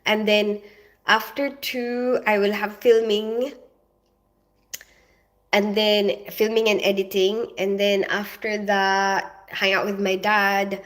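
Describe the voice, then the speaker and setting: Speaking slowly in a level, medium-pitched voice, a middle-aged woman who is half Filipino and half British chats on a live stream. She rambles, says hello to viewers by name, reads comments aloud, and fills her talk with "you know" and "like."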